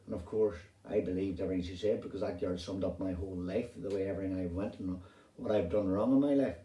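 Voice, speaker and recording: A middle-aged man with a Northern Irish accent telling a personal story in a rambling, animated way, swearing freely. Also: low voice, fast. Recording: roomy sound, distant from mic.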